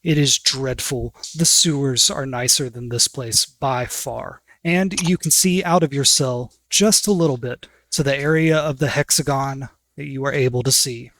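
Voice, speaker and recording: A man's voice: medium pitch, moderate pace, few pauses, fairly bright tone, no echo. A man running a tabletop game as game master, narrating scenes in a casual, descriptive way.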